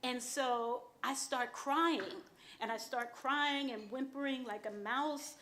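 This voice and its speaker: A woman's voice: high voice, takes it slowly, sharp tone. A woman author telling a frank, profane personal story on a small club stage. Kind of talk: live storytelling.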